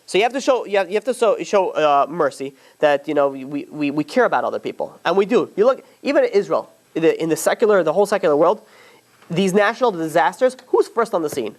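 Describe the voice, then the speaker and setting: A man hosting a casual religious panel discussion, talking in an animated, rambling way with many restarts and exasperated asides. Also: fairly high pitch, fast.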